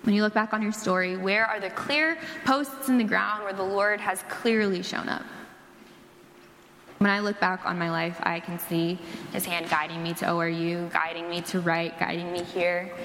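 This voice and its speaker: A woman's voice: fairly low pitch, fairly even intonation, moderate pace, fairly bright tone, a little hiss or hum. A young woman who works at a church, preaching a sermon and telling a personal story in a chatty, casual way, full of "like". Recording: echoey hall.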